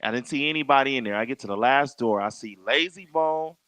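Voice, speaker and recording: Young male host, bright tense tone, dry close sound, lively storyteller who voices the people in his tale. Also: mid-range voice, a little fast, clear, resonant tone, no echo. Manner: animated, acts out quoted dialogue. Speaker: podcast host. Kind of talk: casual storytelling chat.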